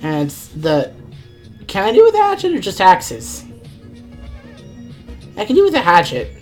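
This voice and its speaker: A woman's voice: medium pitch, huge pitch swings, normal speed, a little mellow, soft background music. A woman streaming a game live, rambling and thinking aloud, often exasperated at what happens on screen. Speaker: gaming streamer. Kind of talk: live let's-play commentary.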